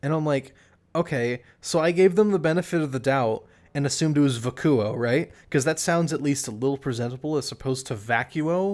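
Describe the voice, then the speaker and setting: A man streaming live, chatting casually in a rambling way, restarting his sentences and laughing at himself. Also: mid-range voice.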